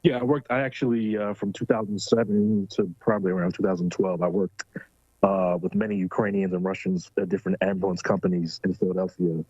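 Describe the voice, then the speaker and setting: Low, husky, hesitant-talking man. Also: little pitch movement, fairly quick, darkish tone, no room sound, dull audio. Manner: hesitant, lots of fillers. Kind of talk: casual political talk show chat.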